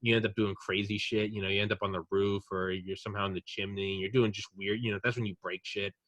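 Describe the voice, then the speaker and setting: A young podcast host rambles through a story in a casual chat, swearing freely and acting out drunk aliens in quoted lines. His voice sits on the low side with little pitch movement, fairly bright and quick, and there's no echo.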